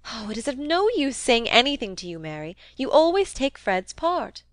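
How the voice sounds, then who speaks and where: Lady reading as a prim young miss, high and whiny, dry close sound. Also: big pitch swings, normal speed, dry recording. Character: prim, mild young woman, reproachful.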